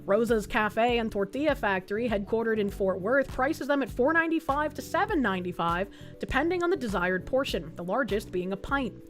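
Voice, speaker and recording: High-pitched woman, American streamer, casual and profane, loose rambling delivery. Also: lively intonation, fairly quick, hardly any pauses, faint music behind. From United States. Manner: rambling, profane, laughs often. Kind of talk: casual stream chat reading an article.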